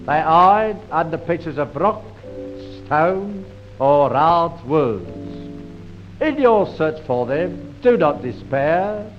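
A man voicing a pompous Cockney aquarium keeper lecturing in a repetitive, self-important way. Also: on the high side. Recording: muffled old recording with faint music.

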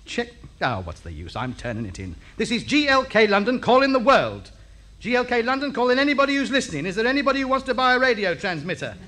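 A man's voice: very high-pitched, very animated, fast talker, sharp tone, heavily acted. A man playing a grumbling, sardonic radio ham in a 1950s radio sitcom. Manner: grumbling, sardonic comic delivery. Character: grumbling middle-aged male radio ham. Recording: noisy old radio sitcom recording.

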